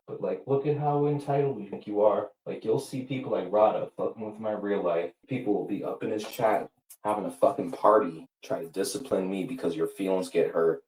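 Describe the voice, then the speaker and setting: Profane, furious low-voiced man. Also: fairly even intonation, a little fast, a little mellow, low-quality recording. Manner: heated, profane, repetitive. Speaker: livestreamer. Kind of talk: angry livestream rant.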